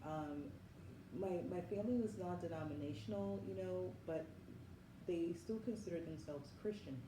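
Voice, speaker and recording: Low-voiced woman reading tarot. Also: normal speed. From Southern United States. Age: 40s. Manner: musing, effusive, often calls things wild. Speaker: tarot reader. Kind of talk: spiritual tarot and oracle reading. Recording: echoey room with background noise.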